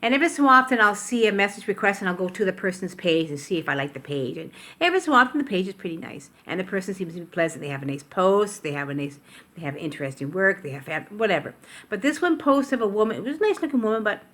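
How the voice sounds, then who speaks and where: A woman's voice: mid-range voice, lively intonation, fast, fairly bright tone. Chatty older woman vlogging from her kitchen. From Canada. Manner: chatty, rambling, self-interrupting. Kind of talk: casual chat to camera. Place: home kitchen. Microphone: tablet camera.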